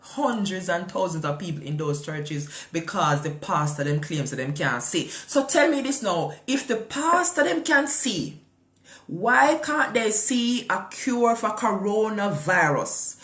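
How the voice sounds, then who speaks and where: A woman's voice: medium pitch, fairly bright tone, reverberant. A woman with a Jamaican accent hosting a morning show in casual chat. She talks with passion, firing rhetorical questions and mixing patois with English.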